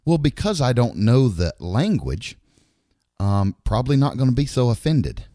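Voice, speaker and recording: A man's voice: mid-range voice, big pitch swings, normal speed, mellow, dry recording, studio quality. A middle-aged man, co-hosting a podcast in casual chat, rambling and bluntly swearing. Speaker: podcast co-host.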